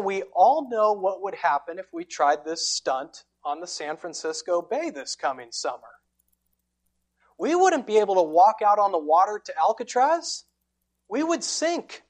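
Slow, low-voiced woman preaching a sermon. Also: very animated. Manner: dramatic storytelling, swings between loud and hushed.

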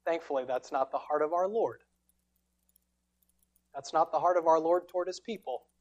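A woman preaching a sermon, telling the story dramatically and swinging between loud, forceful lines and hushed ones. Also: low voice, moderate pace, highs cut off.

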